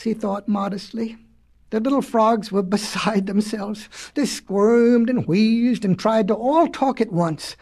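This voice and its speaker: A storyteller reading a fable aloud to children in a dramatic, expressive way with playful asides. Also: mid-range voice, moderate pace, vocal fry, breathy edge.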